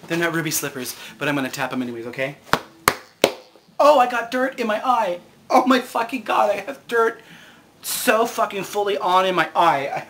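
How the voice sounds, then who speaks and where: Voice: medium pitch, lively intonation, normal speed, very noisy. A vlog host delivering a sarcastic, profane comedic rant to camera and laughing often.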